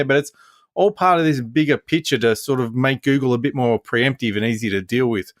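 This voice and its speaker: Australian man, podcast co-host, easygoing questions, mid pitch, dry sound. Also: fairly quick, no echo. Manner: easygoing, asks questions, laughs easily. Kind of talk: casual podcast chat.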